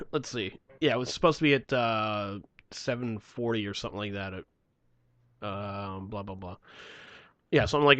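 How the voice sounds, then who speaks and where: Bright-voiced man, laughing and clearing his throat. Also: medium pitch, moderate pace, dry recording. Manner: laughs often, frequent throat clearing, trails off while reading. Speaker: podcast co-host. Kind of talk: casual chat.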